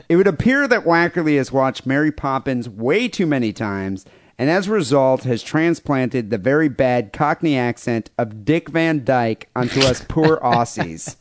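A man's voice: medium pitch, big pitch swings, measured pace, dry recording. An American man co-hosting a crude comedy podcast, reading listener emails aloud with sarcastic asides. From United States. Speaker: podcast co-host.

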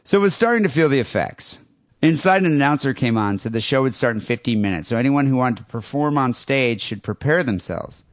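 A man co-hosting a crude comedy podcast, joking loudly and reading a listener's email aloud with lively asides. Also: mid-range voice, a little fast, no echo, clean studio sound. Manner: loud, animated, jokey storytelling. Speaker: podcast co-host.

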